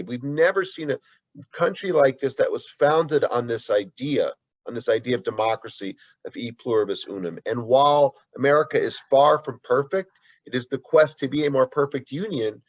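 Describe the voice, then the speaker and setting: An earnest man speaking at a middle pitch, explaining his view in long answers full of restarts and side remarks. The recording is dry and a little dull, with no room sound around him. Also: no echo. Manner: earnest, with frequent restarts and asides. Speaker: guest author. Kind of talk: earnest conversational interview answer.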